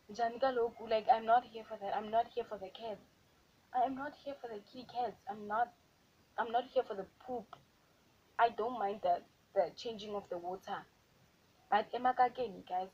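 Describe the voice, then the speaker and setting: A woman's voice: medium pitch, a little mellow, muffled recording, a little hiss or hum. A young South African woman with a South African accent, telling a storytime vlog in a chatty, repetitive, exasperated way. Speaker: vlogger.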